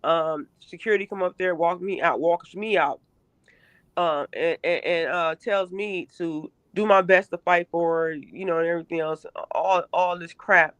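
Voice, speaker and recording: A middle-aged woman giving an emotional first-person account in an interview, halting and repeating herself with emphasis. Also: on the low side, fairly even intonation, no room sound. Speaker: interview guest, mother.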